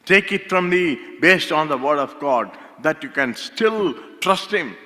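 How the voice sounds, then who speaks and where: A man from India delivers a sermon in a slow, emphatic way, leaning on repeated lines. His voice sits a little high and bright. Long reverb from the church hall trails behind every phrase. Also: expressive. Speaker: pastor. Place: church sanctuary.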